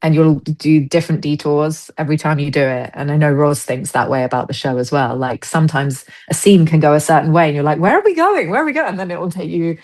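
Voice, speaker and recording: A woman's voice: deep voice, quick pace, hardly any pauses. A woman, a stage actress, chatting as a podcast guest and acting out other people's words as she tells stories. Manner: animated storyteller, acts out quoted voices. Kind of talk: casual interview chat.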